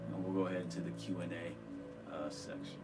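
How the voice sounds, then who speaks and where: Low-voiced man talking loosely over music. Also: little pitch movement. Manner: rambling, halting delivery with many restarts and fillers. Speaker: co-host of a spirituality show. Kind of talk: casual spiritual talk and Q and A.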